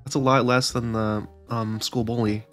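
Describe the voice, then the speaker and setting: A man at an ordinary mid pitch reads chatbot replies aloud as casual commentary. He keeps breaking into laughter, swears freely and slows down to mock the lines. Faint music plays underneath. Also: level tone. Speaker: YouTuber.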